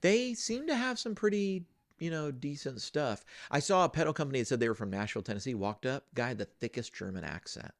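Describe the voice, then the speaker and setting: Man, co-host, casual rambling stories, gravelly, dry close sound. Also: mid-range voice, animated, fairly quick, no echo. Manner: rambling storyteller, many fillers. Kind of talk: casual chat.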